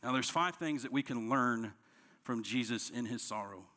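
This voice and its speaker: A man, a pastor, preaching a sermon, dropping to soft, low lines and rising when he acts out quoted complaints. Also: normal speed. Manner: preaching with strong swings between soft, low lines and raised, higher quoted outbursts.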